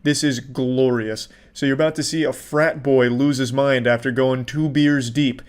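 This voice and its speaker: A man's voice: medium pitch, steady tone, normal speed, clean tone. A man hosting a casual video commentary, sarcastic and profane. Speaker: commentary host.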